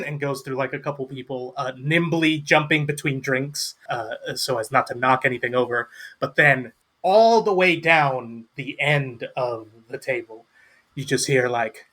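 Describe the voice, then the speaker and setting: A man's voice: medium pitch, normal speed, fairly bright tone. A man narrating as game master in a casual, rambling way.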